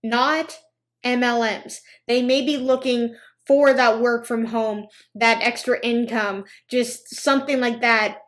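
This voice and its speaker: A woman's voice: a little high, slow pace. A woman giving casual, sarcastic commentary, reacting to clips and animatedly acting out people in a story. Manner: sarcastic, reacting with groans and laughter; animated, acts out other people's lines in story. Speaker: anti-MLM commentary YouTuber.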